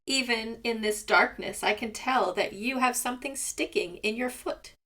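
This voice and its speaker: A woman voicing a sly, crafty male raven who croons smoothly while scheming, in a storybook read-aloud. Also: a little high, moderate pace, bright, forceful tone. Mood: crooning.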